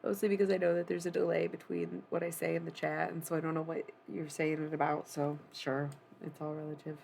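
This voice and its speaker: A streamer talking casually on a live stream, rambling through asides to the chat and retelling a story. The voice is gravelly with vocal fry and stays flat in pitch. Faint background noise hangs under the voice. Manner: rambling, offhand asides to chat, quick bursts. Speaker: streamer and self-styled necromancer.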